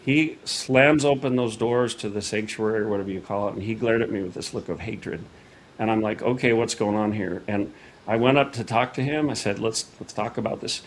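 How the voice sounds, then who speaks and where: A man's voice: fairly low pitch, brisk. Man, middle-aged, casual storytelling, quoting people, faint hiss behind. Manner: animated retelling with quoted dialogue. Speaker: podcast guest.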